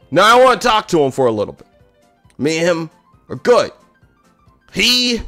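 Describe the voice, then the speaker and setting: A man telling a story in casual chat, animated and exasperated, with bursts of laughter. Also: high-pitched.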